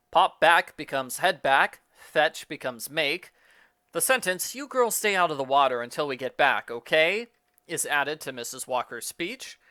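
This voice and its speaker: A man briskly reading out a matter-of-fact list of changes made to a book. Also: a little high, bright, forceful tone, no echo, clean studio sound. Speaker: book reviewer listing edits.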